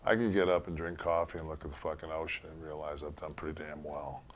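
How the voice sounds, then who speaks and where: Very deep-voiced blunt man. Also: level tone, quick pace, faint music behind. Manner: blunt, heavy swearing. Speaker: interview guest. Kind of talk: casual storytelling interview.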